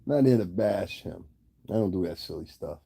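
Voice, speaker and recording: A man's voice: low-pitched, animated, moderate pace, vocal fry, warm tone, breathy edge, no echo. A man, talking casually and directly to a rival online, laid-back and laughing often. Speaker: YouTube commentator. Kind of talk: casual direct-address commentary.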